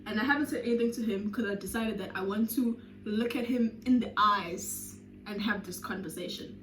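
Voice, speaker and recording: A South African woman in her twenties telling a storytime vlog with animated, dramatic delivery and sudden loud bursts. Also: mid-range voice, moderate pace, a little hiss or hum. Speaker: YouTuber. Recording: roomy echo.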